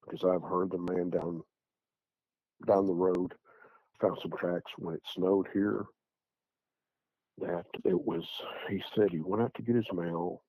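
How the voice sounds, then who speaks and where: Gravelly deep-voiced man. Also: fairly even intonation, slow, pauses often, no room sound, highs cut off. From Tennessee. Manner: rambling, repeats words, quotes others. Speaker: eyewitness guest. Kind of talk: casual spoken storytelling.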